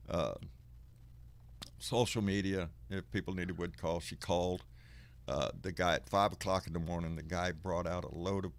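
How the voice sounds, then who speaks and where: A man hosting a live talk show, telling a story in an animated way and cursing freely. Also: low-pitched, creaky. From Texas. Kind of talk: casual chat with a caller.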